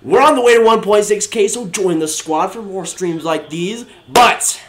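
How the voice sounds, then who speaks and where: At a normal speed, a young man narrates his live watch-along stream with excitement, alternating between muttered asides and shouting laughter.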